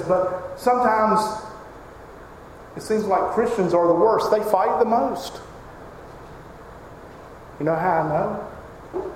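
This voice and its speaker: Man, pastor, sermon, emphatic preaching, high voice, long hall reverb. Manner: emphatic preaching, rising to cries when quoting scripture. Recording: echoey hall reverb, faint noise.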